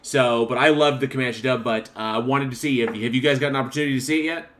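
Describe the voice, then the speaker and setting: Male podcast host, relaxed chat, reads comments aloud, laughs easily. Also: mid-range voice, fast. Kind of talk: casual chat.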